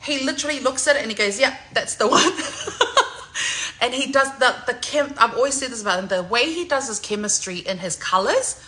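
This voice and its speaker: Woman, forties, bright and lively, giddy loud salon-vlog chatter. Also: fairly high pitch, fairly quick, poor audio. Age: 40s. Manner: giddy, loud, laughing, swearing freely. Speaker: singer. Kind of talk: excited salon vlog chat.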